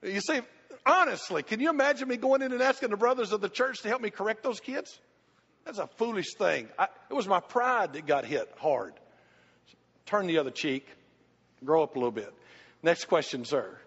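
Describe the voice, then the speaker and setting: In a muffled hall recording, an older man who pastors a church teaches through a Q&A with his congregation. He speaks at a moderate pace with a high-pitched, breathy-edged voice, telling lively stories and performing the voices he quotes.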